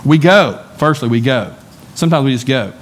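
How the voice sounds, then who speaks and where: A man preaching to his church congregation in a relaxed, conversational way, telling everyday stories and acting out the lines of the people in them. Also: mid-range voice, moderate pace, slight background noise. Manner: conversational, folksy storytelling with acted-out dialogue. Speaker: pastor. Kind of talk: sermon. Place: church sanctuary.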